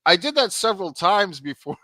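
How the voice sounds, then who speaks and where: A man's voice: high voice, big pitch swings, moderate pace, sharp tone, no room sound, low-quality recording. A man co-hosting a podcast, telling stories about himself with a laugh. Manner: storytelling, self-mocking, laughs often. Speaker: podcast co-host. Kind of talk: casual podcast chat.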